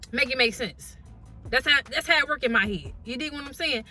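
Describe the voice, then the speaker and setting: A woman truck driver telling a casual story, blunt and profane, with animated delivery. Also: high-pitched, fairly quick, soft background music.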